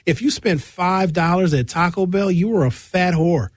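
A man's voice: high-pitched, normal speed, dry recording. A man hosting a radio show, rambling through a bawdy comic monologue. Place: radio studio.

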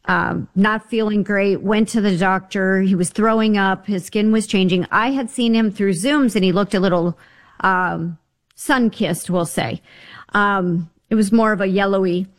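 A woman with a mid-range voice speaks a little slowly as a guest health advisor on a talk show. In a chatty, emphatic style typical of casual radio talk, she tells stories and offers health advice.

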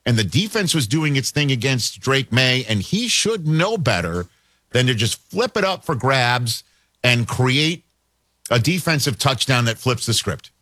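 A man hosting sports talk radio, his pitch swinging widely as he drives home each argument. His tone is bright and forward, and he often repeats a word before pushing on. The sound is dry and close on a studio mic. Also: a little slow, no room sound. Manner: animated, emphatic, repeats words while building a point.

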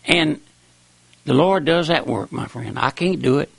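An older man preaches in a rambling, folksy way, his voice swelling and dropping for emphasis. His tone is gravelly with a forceful edge, sitting a little high for a man. The sound is dry and close. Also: lively intonation, a little slow, dry recording. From raised on a farm. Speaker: preacher on radio. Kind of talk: sermon.

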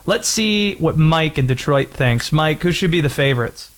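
A man's voice: on the high side, lively intonation, moderate pace. A man hosting a sports talk radio show, taking calls and teasing callers.

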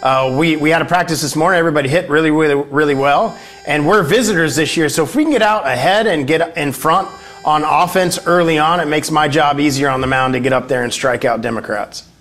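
Emphatic congressman guest, slightly high voice. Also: a little fast, a bit bright. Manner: emphatic talking points with frequent uh fillers. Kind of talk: political interview.

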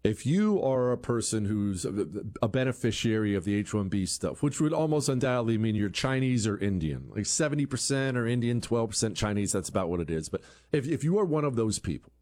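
A man's voice: lowish voice, animated, a little fast, hardly any pauses, a little mellow. A man giving an opinion monologue, asking rhetorical questions and acting out quoted voices, often repeating words as he restarts. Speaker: commentary show host.

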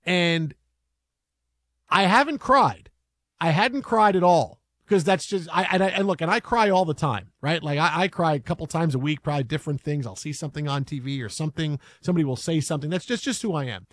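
A man's voice: fairly high pitch, lively intonation, brisk, no echo, clean studio sound. A man hosting sports talk, rambling and emphatic with many restarts. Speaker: sports radio host.

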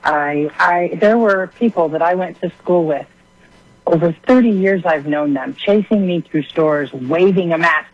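A woman's voice: fairly low pitch, unhurried, dry recording. A middle-aged woman from Oregon calling in to a talk radio show, speaking in an impassioned, riled-up way. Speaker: caller. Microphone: phone line. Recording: dull lo-fi phone line.

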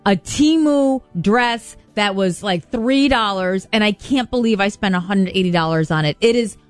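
A woman co-hosting a radio show, telling a story in an animated, self-mocking way. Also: mid-range voice, moderate pace, dry recording, faint music behind. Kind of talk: casual radio banter.

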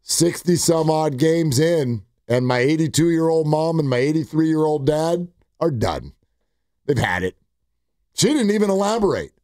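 A man's voice: fairly high pitch, a little slow, no room sound, studio quality. A man hosting sports talk radio, telling stories animatedly and acting out what others said. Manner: animated storytelling with quoted asides.

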